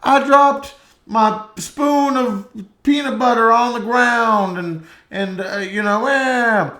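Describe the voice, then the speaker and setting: A whiny, stammering little child complaining in a high, squeaky voice, as a man puts it on. The voice sounds roomy and echoey. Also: slow pace, sharp tone, exaggerated voice. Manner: whining, stammering. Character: whiny small child crying over nothing. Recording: roomy echo.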